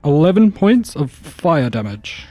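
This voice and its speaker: A man's voice: a little high, sing-song, unhurried, a little mellow, faint music behind. A man playing a tabletop game, laid-back and joking between rolls. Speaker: player.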